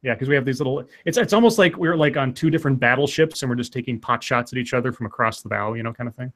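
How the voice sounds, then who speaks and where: A man's voice: medium pitch, fairly bright tone. A man co-hosting a casual livestream, reading out donations and stammering often. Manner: stammering, quick to laugh.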